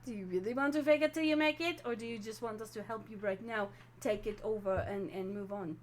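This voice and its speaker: A woman running a tabletop role-playing game as game master, explaining at length in an animated way. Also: on the high side, fairly quick, a little hiss or hum.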